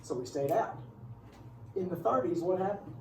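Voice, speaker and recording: A man's voice: high voice, lively intonation, moderate pace. A male history teacher giving a casual classroom lecture, rambling with joking asides. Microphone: far camera. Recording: echoey room from far off.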